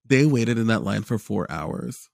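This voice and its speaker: A young man in casual chat, telling a lively story with lots of fillers and repeated words. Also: lowish voice, unhurried, vocal fry, no room sound, studio quality.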